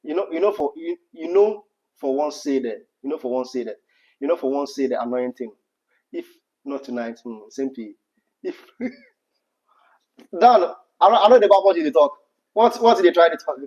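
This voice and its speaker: A man's voice: mid-range voice, lively intonation, a little fast, mellow, lo-fi sound. A Ghanaian man with a Ghanaian English accent, co-hosting a casual livestream chat, laughing often and slipping into Pidgin. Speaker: livestream co-host.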